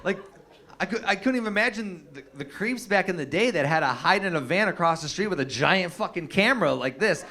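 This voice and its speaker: A young adult man performs stand-up on a comedy stage before a live audience, telling stories loosely and profanely with many fillers and restarts. His high-sitting voice is sharp-toned, expressive and fairly quick.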